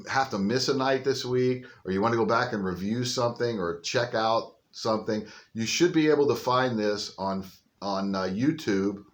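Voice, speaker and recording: An older male pastor with a fairly low voice preaches an informal sermon outdoors on a windy day, telling his story in a folksy, chatty way. He speaks into a phone mounted on a selfie stick.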